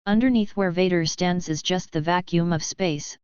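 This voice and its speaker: Cold contemptuous male dark lord, read by a woman, low voice, muffled sound. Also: moderate pace, clear, resonant tone, no room sound, natural voice. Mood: menacing.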